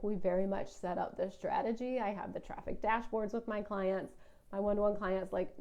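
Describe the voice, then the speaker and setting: A business coach talks through a casual solo podcast monologue, chatty and constantly saying "like," and she puts on a whiny voice for complaints. Her voice is medium-pitched with a dark tone, and the recording sounds muffled.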